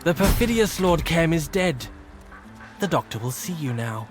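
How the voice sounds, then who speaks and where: A man plays a courtly messenger who delivers news with stiff ceremony and quiet urgency. His voice sits a little high, with faint game music behind. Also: expressive, normal speed, close to an everyday voice. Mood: formal. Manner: formal, ceremonious. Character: formal male herald or messenger, courtly and urgent. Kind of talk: video game voice acting.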